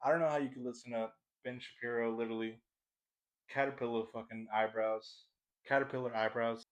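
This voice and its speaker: A man's voice: medium pitch, steady tone, moderate pace. A young man rants on a casual comedy podcast, swearing freely and wandering from point to point. He laughs often and sounds close to a podcast mic, with a mid-range voice. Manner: profane, rambling, laughs often. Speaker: podcast host.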